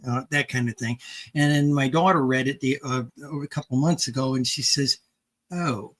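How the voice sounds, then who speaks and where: An older woman author telling a story in casual conversation, animated, acting out dialogue with some restarts. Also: a bass voice, normal speed.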